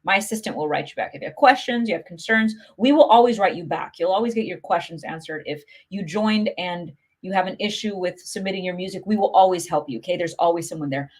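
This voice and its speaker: Speaking quickly with hardly any pauses, this woman has a fairly low pitch. She hosts a casual livestream promoting music, replying to viewers' comments in an upbeat, chatty tone full of "like" and "you know."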